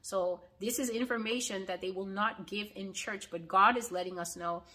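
A woman's voice: mid-range voice, sharp tone, poor audio. A woman preaching on her own channel, earnestly and emphatically, in a sermon-style religious teaching. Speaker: online preacher.

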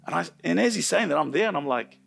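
A middle-aged man preaching a sermon in church, telling a personal story with animated swings from loud to hushed. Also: on the high side, fast talker, creaky, husky, soft background music. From New Zealand.

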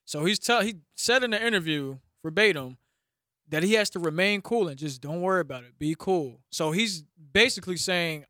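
Bright-voiced man co-hosting sports talk. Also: high voice, animated, moderate pace, dry recording, studio quality. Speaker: sports talk radio co-host.

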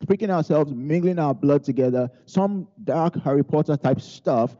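A man's voice: a little high, normal speed, warm tone, lo-fi sound. A male pastor delivering a sermon, hammering key phrases through repetition and weaving in humorous personal stories.

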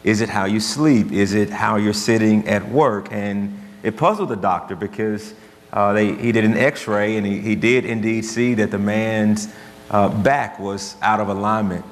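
A man's voice: lowish voice, a little slow. A man preaching a sermon as pastor, earnest and conversational, telling stories to make his point. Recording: long hall reverb, faint hum.

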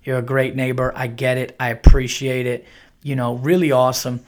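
A man's voice: mid-range voice, moderate pace. A man hosting a podcast, telling a long casual story in a rambling way and acting out what his neighbor said. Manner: rambling, animated, acts out quoted neighbors. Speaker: podcast host.

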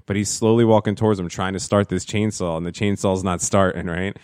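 A man's voice: low voice, steady tone, fairly quick, darkish tone, clear, resonant tone, dry recording, studio quality. A man co-hosting a casual podcast, telling a story animatedly and swearing freely. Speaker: podcast co-host. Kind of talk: casual chat.

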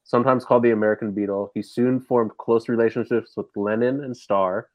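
A man's voice: medium pitch, steady tone, a little fast, no room sound, highs cut off. A man hosting a podcast, reading out facts in a casual, joking way.

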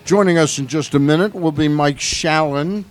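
A man's voice: a little high, normal speed, soft background music. A man hosting sports talk radio from a studio, a chatty storyteller who laughs along as he talks. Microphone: studio mic.

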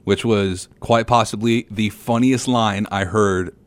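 A man's voice: fairly low pitch, fairly even intonation, unhurried, clear, resonant tone, no room sound. Wry man in casual chat. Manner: wry, jokey asides. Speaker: podcast co-host.

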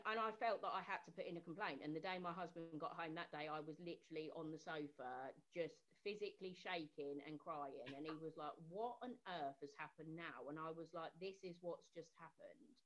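A woman's voice: fairly low pitch, brisk, few pauses, dull audio. A woman in her thirties telling a personal story about her son and acting out the people she quotes. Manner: animated, acts out quoted voices. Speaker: parent guest.

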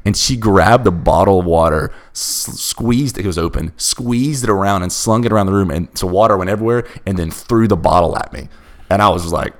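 A man's voice: low-pitched, fairly quick. A young man telling a bizarre personal story in a casual chat, emphatic and restless. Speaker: storyteller guest.

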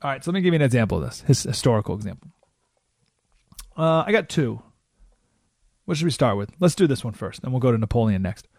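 Animated, gravelly male radio host. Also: mid-range voice, fast, long pauses, dry recording, clean studio sound. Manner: animated storytelling with rhetorical "right?" asides. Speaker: radio talk show host. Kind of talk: political talk radio monologue.

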